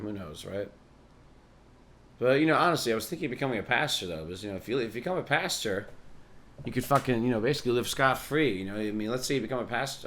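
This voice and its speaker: A man's voice: mid-range voice, fairly bright tone, slight background noise. A man hosting a podcast, rambling through a casual monologue, profane and sardonic, laughing at his own jokes. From New York. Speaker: podcast host.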